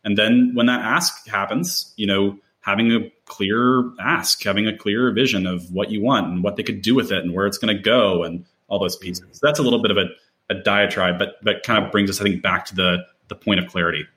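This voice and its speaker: A man with a bright, forceful voice on the low side talks casually in a rambling way. He restarts often and fills with "you know". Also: steady tone, a little fast. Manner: rambling, many fillers and restarts. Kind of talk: casual conversation.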